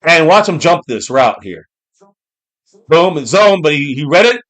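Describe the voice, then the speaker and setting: A man hosting a live football watch-party stream, reacting to plays with excitement and frequent swearing. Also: fairly high pitch, a little slow. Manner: excitable, swears freely, shouts on big plays.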